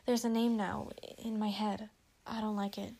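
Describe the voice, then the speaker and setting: A woman's voice: mid-range voice, level tone, moderate pace, gravelly, mellow. A woman voicing a hesitant, unsure young male dragon in a storybook reading.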